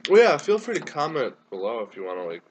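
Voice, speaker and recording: A man's voice: a little high, wildly swooping pitch, quick pace, a little hiss or hum. A man casually co-hosting a review chat, hesitant and full of ums and restarts, sounding tired. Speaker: co-host reviewing a TV series.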